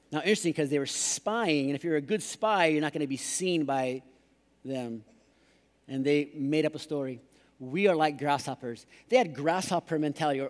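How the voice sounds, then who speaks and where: A man preaches a playful sermon, slipping into put-on voices to mock excuses. His voice sits fairly high. The sound carries the long reverb of a large church hall. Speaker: pastor.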